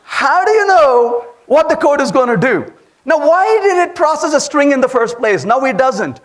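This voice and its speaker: Indian guy giving a tech talk at a conference, really high voice, jumps all over the place. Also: moderate pace. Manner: animated storytelling, asks the audience questions. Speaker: conference speaker. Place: conference hall.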